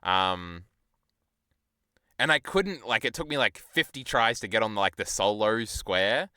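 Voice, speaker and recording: A man's voice: fairly low pitch, lively intonation, measured pace, pushed and bright, clear, resonant tone, dry recording, clean studio sound. A young man streamer rambling in a casual, profane, self-deprecating way while he chats to his viewers.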